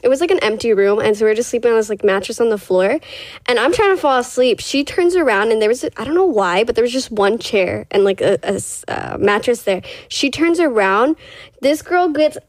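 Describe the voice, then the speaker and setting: A woman's voice: a little high, lively intonation, brisk, dry recording. A young woman telling a ghost story in casual chat, rambling with many fillers and restarts.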